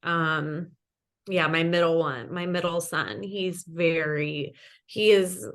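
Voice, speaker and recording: Chatty low-voiced woman, rambling. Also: steady tone, slow. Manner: rambling, lots of "like" and "you know". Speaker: podcast guest, ghost hunter. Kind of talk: casual chat.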